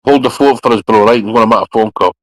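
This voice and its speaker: A man's voice: mid-range voice, racing, no room sound, rough recording. A man who is a guest on a livestream, chatting in a laid-back, rambling way. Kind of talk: casual stream chat.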